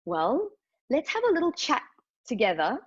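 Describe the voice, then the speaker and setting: Woman, fairly high voice, cheerful anatomy teacher on a muffled online call. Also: wildly swooping pitch, moderate pace, breathy edge. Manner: upbeat, encouraging, asks the chat questions. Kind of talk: live online workshop teaching.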